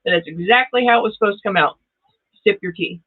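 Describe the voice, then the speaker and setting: A woman's voice: mid-range voice, fast talker, slightly rough. A middle-aged woman hosting a live tarot reading, chatty and laughing often as she talks straight to viewers. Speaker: tarot reader and channel host. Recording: tinny phone-like audio.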